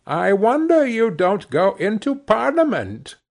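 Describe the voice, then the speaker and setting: A man's voice: high-pitched, very animated, unhurried, vocal fry, pitched above the performer's own voice, full character voice. A man voicing Scrooge, a miserly, bitter old man who speaks in a curt, growling way. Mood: scornful.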